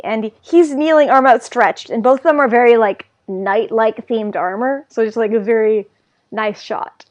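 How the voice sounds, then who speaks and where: A woman co-hosting a podcast, chatting in an animated way and retelling scenes. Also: on the high side, moderate pace, lo-fi sound. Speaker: podcast co-host. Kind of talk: casual anime discussion.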